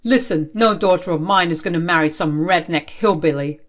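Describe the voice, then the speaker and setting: A woman's voice: on the low side, a little fast, lightly acted. Scornful snobbish dad, as a woman narrator puts him on. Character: angry snobbish father scolding daughter.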